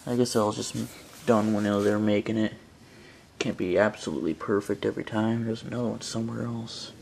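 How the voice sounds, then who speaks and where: A man casually explaining his rust-removal project, rambling and halting with lots of fillers and the odd curse, recorded in a garage. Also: on the low side, steady tone, vocal fry, a little mellow, slight background noise. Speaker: DIY vlogger. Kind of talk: casual how-to commentary. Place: garage with a car, indoors.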